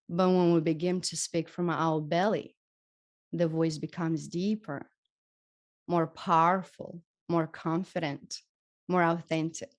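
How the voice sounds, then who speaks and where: Gentle European woman teaching healing. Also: mid-range voice. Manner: gentle, encouraging, demonstrates voice techniques. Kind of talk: live group workshop teaching.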